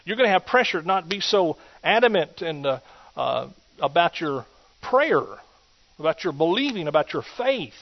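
Fervent preacher swinging loud and hushed. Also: male voice, fairly high pitch, very animated, moderate pace. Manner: swings between loud exhortation and hushed asides. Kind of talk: sermon. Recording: dull lo-fi recording.

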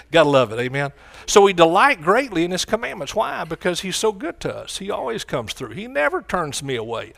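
Fervent preacher with a raised pitch. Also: male voice, very animated, normal speed, gravelly, fairly bright tone. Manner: fervent, calls out to the congregation for response. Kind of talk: sermon.

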